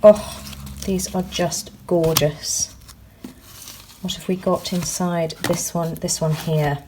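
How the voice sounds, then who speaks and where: A woman narrating a craft project in her home kitchen, chatty and full of ums, gushing with excitement as she works. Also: lowish voice, slow pace, noisy background. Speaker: crafts vlogger. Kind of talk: casual how-to narration.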